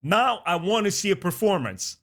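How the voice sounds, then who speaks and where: A man voicing a bossy female swamp-creature mother from a cartoon, demanding and exasperated, his voice pushed higher and louder. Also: expressive, normal speed. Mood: fed-up.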